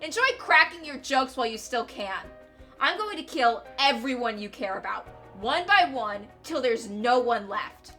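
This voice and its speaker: A woman's voice: fairly high pitch, lively intonation, normal speed, bright, forceful tone, soft background music. A woman voicing a vengeful male ex-convict from a game, taunting and sneering with mock sweetness that turns to snarling threats. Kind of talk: reading a game aloud with voices.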